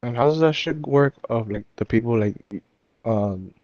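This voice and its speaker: A man's voice: mid-range voice, moderate pace, darkish tone, no echo. A young man chatting loosely during a game stream, rambling from one thought to the next in slangy speech. He often laughs as he tells his stories. The recording is dry and slightly dull. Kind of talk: casual chat.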